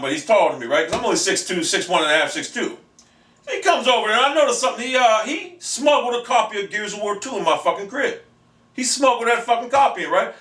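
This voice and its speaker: A man ranting in a video blog, profane and rambling, who breaks into shouts, recorded in a back room of his house. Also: sits high, far from the mic. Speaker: video game vlogger. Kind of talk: profane game-console rant. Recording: echoey room, voice off-mic.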